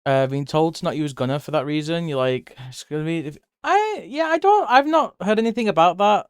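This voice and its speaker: A British man chatting casually on a live stream, answering chat and rambling freely. He laughs often, and his voice jumps up when he gets excited. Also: a little high, a little fast, clear, resonant tone, no room sound, studio quality. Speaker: livestreamer.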